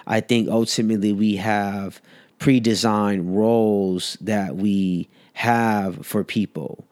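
A man with a fairly low voice, talking casually on a chat show. He chimes in often with short agreements and gets animated when he argues a point. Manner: quick agreeing interjections, animated when arguing.

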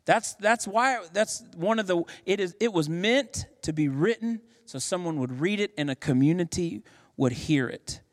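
A man's voice: high-pitched, moderate pace. Preacher man in an echoing hall. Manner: animated storytelling with acted voices. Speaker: pastor. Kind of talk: sermon. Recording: long hall reverb.

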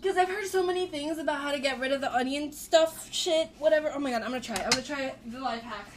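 A woman's voice: sits high, fast. A young woman co-hosting a cooking podcast, chatting casually and dramatically in her home kitchen. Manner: chatty, dramatic, prone to playful complaining. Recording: noisy home kitchen recording.

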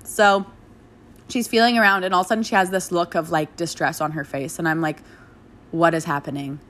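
Frank young woman with a lowish voice. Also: quick pace. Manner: frank and casual, swears freely; animated, jumping into high-pitched voices for quoted lines. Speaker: new mother telling her birth story. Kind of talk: candid personal storytelling.

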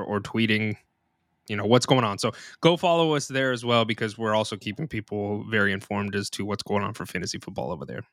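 Guy hosting a podcast, bright punchy voice, chatty and casual, dry sound. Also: on the low side, no echo. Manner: chatty and informal. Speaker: podcast host.

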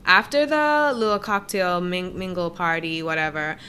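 A woman's voice: on the low side, moderate pace, pushed and bright, clear, resonant tone. A woman co-hosting a podcast who gives blunt, mocking opinions on a reality show in casual chat. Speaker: podcast co-host.

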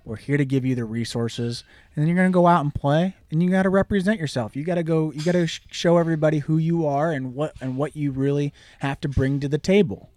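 Thirties coach guy, earnest, kinda higher voice, dry close sound. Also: fast, a little mellow, dry recording. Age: 30s. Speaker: youth baseball program coach. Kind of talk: casual podcast chat.

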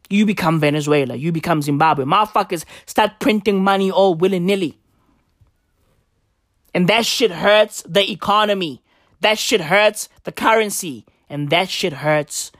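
A man delivering a profane comic rant, mocking and emphatic. He talks slowly, with a lively, swinging pitch, in a dry, close recording. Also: no room sound. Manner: mocking, emphatic, repeats himself, swears freely. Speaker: commentary vlogger.

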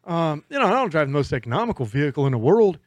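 A man's voice: fairly high pitch, sing-song, very fast, no room sound. A man in his forties, co-hosting a podcast in a studio, trading profane, joking banter. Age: 40s. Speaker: podcast co-host. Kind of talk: casual chat.

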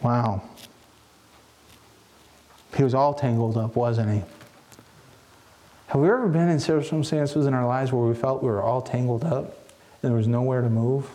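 A man's voice: medium pitch, moderate pace, long pauses, warm tone. A man preaching a sermon in an earnest, reflective way, often restarting his phrases.

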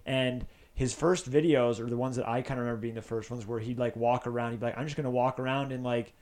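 A man's voice: mid-range voice, fairly even intonation, fast, a little mellow. A young man chatting casually, rambling with lots of filler words and restarts. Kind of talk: casual chat.

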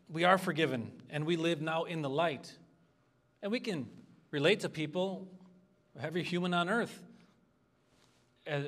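Earnest pastor, man, higher voice. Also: fairly bright tone. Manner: earnest, conversational, asks the congregation for responses. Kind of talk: expository sermon.

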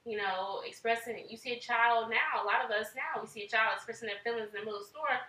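A woman's voice: a little high, fast, pushed and bright, recorded from a distance. A woman in casual conversation, speaking earnestly about raising children and acting out little quoted exchanges. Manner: earnest, talks with her hands in quotes, acts out parent and child lines. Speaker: parent in a podcast conversation. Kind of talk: casual chat. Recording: echoey room, set back from the mic.

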